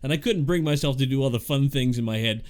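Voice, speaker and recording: A man's voice: medium pitch, fast, a little mellow. A young man co-hosting a podcast in casual chat, who laughs easily and answers with short agreeing words. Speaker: podcast co-host.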